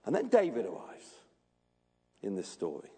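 Brief: preacher, animated storyteller who questions his congregation, expressive voice, reverberant church hall. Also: lowish voice, moderate pace, husky. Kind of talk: sermon.

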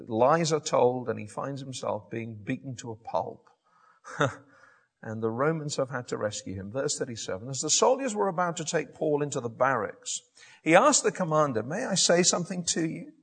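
A man preaching a sermon, telling a Bible story in an animated way with frequent restarts and self-corrections. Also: medium pitch, slightly rough.

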